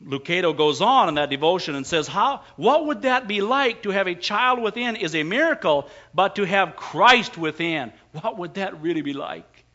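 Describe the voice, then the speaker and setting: Man, pastor preaching, high-pitched, emphatic, rhetorical questions, muffled lo-fi recording. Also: lively intonation, normal speed, hardly any pauses, pushed and bright. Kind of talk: sermon.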